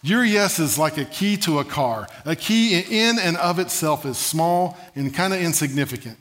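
A man preaching a sermon, telling humorous stories in an animated way and asking the congregation for an amen. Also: a little high, normal speed. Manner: animated, humorous storytelling with call-and-response.

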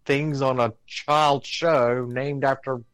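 A man co-hosting a podcast, chatting casually in a wry, deadpan way over a voice call. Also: mid-range voice, slow pace, clean tone, no echo. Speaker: podcast co-host.

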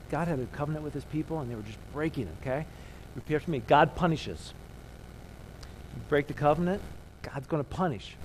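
A man's voice: a little high, a little hiss or hum, poor audio. A man preaching a conversational sermon, checking in with "okay?" and having the congregation repeat key phrases. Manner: conversational, leads call-and-response, frequent "okay?" checks.

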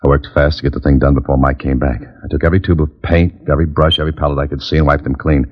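An actor playing a dry, wisecracking adventurer who also narrates, in 1940s radio acting. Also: male voice, a bass voice, steady tone, very fast. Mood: confident. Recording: dull old radio recording.

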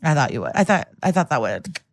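A woman's voice: low-pitched, quick pace, no room sound. A woman co-hosting a podcast, casually recapping a TV crime episode and acting out the characters' lines, with many fillers. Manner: animated retelling, acting out quotes with many fillers. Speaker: podcast co-host.

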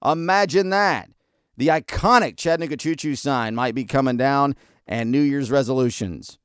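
A man's voice: mid-range voice, moderate pace, a bit bright, clean tone, no echo, studio quality. A man hosting a podcast, delivering a blunt, sarcastic talk-radio monologue. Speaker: podcast host.

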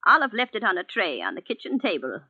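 A woman's voice: mid-range voice, huge pitch swings, fast, sharp tone, slightly rough, no room sound, exaggerated voice. An actress in a 1940s radio play voicing a frail, elderly invalid woman in a wheelchair, with a quavering, fretful manner. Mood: fond. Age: older. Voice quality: quavering, fretful, easily startled. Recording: tinny 1940s radio broadcast.

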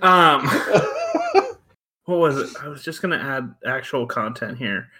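A man's voice: on the high side, huge pitch swings, takes it slowly, crowd noise. Goofy American male co-host, rambling. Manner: goofy, rambling, self-mocking. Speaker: podcast co-host. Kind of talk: casual podcast chat.

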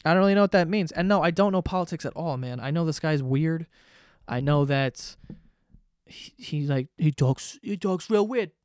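A man's voice: a little high, normal speed, clear, resonant tone, dry recording, studio quality. A man hosting a solo podcast in a casual comedic rant, profane, sarcastic and rambling. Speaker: podcast host.

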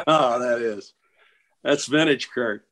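A middle-aged man telling stories in casual conversation, halting and restarting with many repeated words. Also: medium pitch, fairly bright tone. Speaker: interview guest. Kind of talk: casual storytelling.

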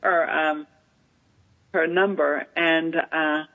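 A woman, telling an animated story as an author and literary agent guest in an interview, with many fillers. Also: sits low, extremely slow. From Southern United States. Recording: tinny phone-line radio sound.

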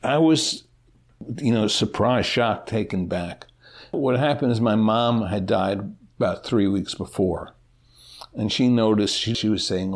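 An older man answers interview questions in a candid, self-deprecating way. His voice sits low and has a gravelly fry and a husky edge. He talks like a teacher telling his own story. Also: moderate pace. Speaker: interview guest. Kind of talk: casual interview.

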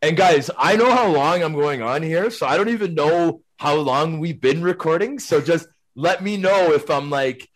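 Brief: middle-aged male guest, chatty storyteller, meandering and lively. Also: a little high, normal speed, few pauses. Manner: rambling, animated, tag questions like "right?" and "man". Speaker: guest, former hockey player. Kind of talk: casual storytelling.

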